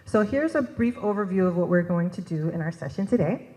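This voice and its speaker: An executive director co-presenting at a conference speaks in a fairly low, warm, animated voice at a fairly quick pace. She reads prepared remarks and leads the audience in repeating a phrase, in a reverberant hall.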